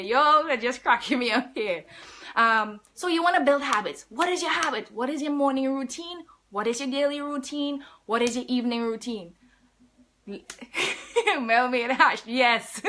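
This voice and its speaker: A woman's voice: a little high, bright, forceful tone. A woman fitness coach talking casually on a live stream, laughing often and answering viewer comments.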